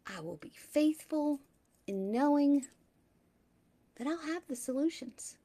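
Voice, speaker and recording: A middle-aged woman hosts a motivational spiritual talk. Her voice sits a little high, and she takes her time, unhurried. She speaks gently and sometimes sinks into a soft whisper. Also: lively intonation. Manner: slow, gentle, drops into soft whispers at times.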